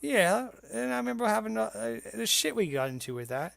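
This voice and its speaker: A rowdy, crude bagpiper in a tabletop game, voiced by a man running the game, with a gravelly voice pitched a little high. He rambles and stumbles over his words. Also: big pitch swings, brisk, fairly bright tone, no room sound, full character voice. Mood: hesitant. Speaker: game master. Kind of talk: tabletop role-play voice.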